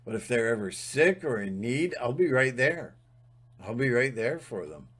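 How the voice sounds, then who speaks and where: A man's voice: medium pitch, very animated, normal speed, fairly bright tone, slightly rough. A man giving a rambling, emphatic spiritual monologue, sometimes breaking into mocking mimicry. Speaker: spiritual vlogger.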